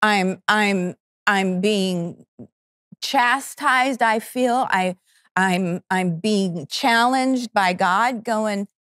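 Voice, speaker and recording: A woman's voice: medium pitch, very slow, fairly bright tone, dry recording, studio quality. A middle-aged woman, a network co-founder, giving an earnest, fervent personal testimony that halts and restarts as she acts out her prayers. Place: television studio.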